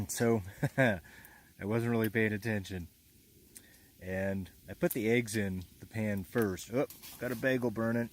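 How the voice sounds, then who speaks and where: A man's voice: on the low side, slight background noise, poor audio. Groggy man rambling in a camp tent. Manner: rambling, halting, many fillers. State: groggy just after waking. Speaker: motocamping vlogger. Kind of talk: casual camp vlog. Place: inside a hot tent with a wood stove.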